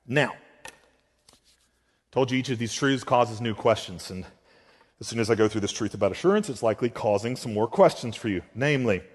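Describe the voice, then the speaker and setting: A pastor preaching a sermon, swinging between loud emphatic lines and hushed ones. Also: male voice, mid-range voice, animated, fairly quick, pauses often, slightly rough, in a large hall.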